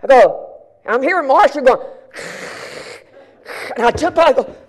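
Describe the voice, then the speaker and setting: A middle-aged male pastor telling a story in a sermon, animated and colloquial, often repeating and restarting his words. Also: extremely high pitch, a little slow.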